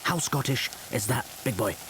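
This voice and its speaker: A man's voice: medium pitch, lively intonation, normal speed, a bit bright, a little hiss or hum, close to an everyday voice, low-quality recording. A man playing a brash, foul-mouthed celebrity chef who talks aggressively.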